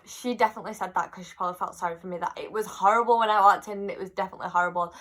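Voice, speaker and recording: A woman's voice: mid-range voice, very fast. A young woman telling a personal story in a casual, chatty vlog, acting out what people said. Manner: chatty, animated retelling with quoted voices. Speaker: vlogger.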